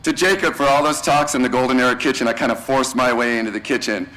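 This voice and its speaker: A man's voice: medium pitch, fast, poor audio. Man giving a slangy graduation speech. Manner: warm, casual and slangy, addressing students by name. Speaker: teacher. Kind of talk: graduation ceremony farewell speech.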